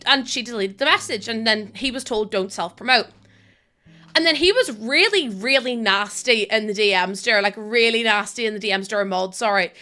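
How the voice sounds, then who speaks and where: A young woman hosts her live stream from home, laughing often and thanking her viewers one by one. Her voice sits high and sounds bright and sharp. She talks in a loose, chatty way, full of exclamations. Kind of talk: casual live-stream chat. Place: home, indoors.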